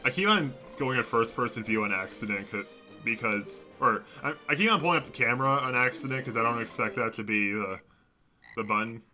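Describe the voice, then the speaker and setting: A young man's lively, fairly quick mid-range voice comes through a desk mic as he streams a video game from a home computer room. Bright and forceful, he rambles casually to viewers with plenty of self-corrections, while soft music plays behind him.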